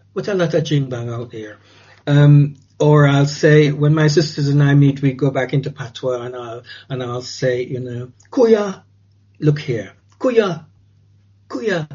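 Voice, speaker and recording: An older man from Jamaica, reminiscing thoughtfully and unhurriedly about his childhood, with frequent restarts and pauses. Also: a little high, a little mellow, breathy edge. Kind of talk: reflective oral-history recollection. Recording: dull lo-fi recording.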